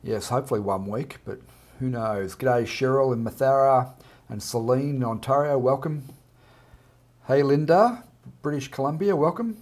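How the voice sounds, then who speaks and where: An Australian man hosts a casual live chat for his art students. He reads comments aloud and greets people one by one in an easy, friendly way, at an ordinary middle pitch. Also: normal speed. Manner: warm, relaxed, reads out viewer comments and greets each by name. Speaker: art teacher hosting a live Q&A.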